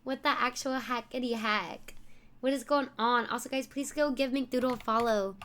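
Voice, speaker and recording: Excitable high-voiced woman streamer. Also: moderate pace, a little hiss or hum. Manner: excitable, exclaiming, laughing often. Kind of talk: live-stream chat, thanking viewers.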